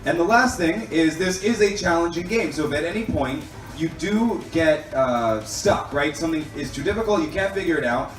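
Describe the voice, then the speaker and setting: A man's voice: fairly high pitch, lively intonation, moderate pace, few pauses, faint music behind. A man acting as game host, patiently explaining the rules of a puzzle game to a group and checking that they understand. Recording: echoey room mic'd from a distance.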